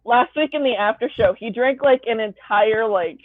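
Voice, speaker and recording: A woman in a casual group video chat, eager and excitable, swearing freely. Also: a little high, normal speed, no room sound. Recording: tinny phone-like call audio.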